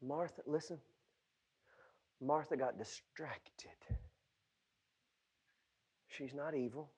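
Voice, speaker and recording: Slow, high-voiced dramatic male preacher. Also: breathy edge. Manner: dramatic swings from shouting to hushed whisper; drawn-out, emphatic delivery to the congregation. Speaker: pastor. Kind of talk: sermon.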